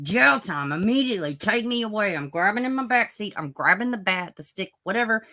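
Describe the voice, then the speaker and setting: Forceful and bright, a medium-pitched female voice delivers animated, fairly quick livestream commentary with few pauses. She runs a true crime channel, ranting profanely and bluntly and mocking people through sarcastic impressions.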